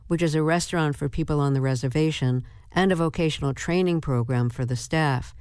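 A woman hosting a radio interview, speaking in a deliberate, measured way with halting pauses. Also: low voice, a little mellow, smooth, no room sound. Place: radio studio. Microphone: studio microphone.

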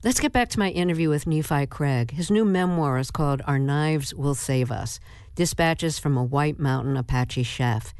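A woman hosting a radio interview, speaking in a deliberate, measured way with halting pauses. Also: low voice, a little mellow, dry recording. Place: radio studio. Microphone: studio microphone.

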